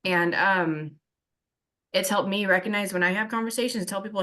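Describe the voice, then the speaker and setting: A woman's voice: mid-range voice, moderate pace, bright, forceful tone. A middle-aged woman chatting on a group video call, rambling through stories and acting out the people in them. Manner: rambling storyteller, quotes people in dialogue. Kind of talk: casual chat.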